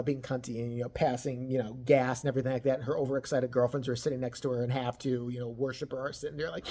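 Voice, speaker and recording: A person ranting about celebrity gossip, crude and mocking, swearing constantly and swinging between loud outbursts and low mutters. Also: quick pace, hardly any pauses. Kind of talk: profane ranting commentary.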